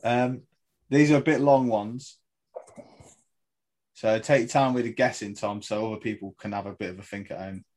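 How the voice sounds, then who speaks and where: A man's voice: fairly low pitch, fairly even intonation, normal speed, pauses often, darkish tone, poor audio. A man co-hosting a casual football podcast, setting trivia questions with frequent laughs. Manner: quizzing with trivia, laughing often. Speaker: podcast co-host.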